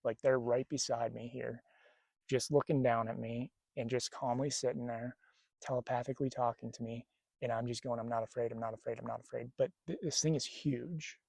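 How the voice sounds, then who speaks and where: Gravelly-voiced man telling a story outdoors. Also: medium pitch, no room sound. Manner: rambling, animated retelling with quoted dialogue. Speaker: spiritual vlogger. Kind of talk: casual storytelling to camera. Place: outdoors near a lake. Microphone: camera mic.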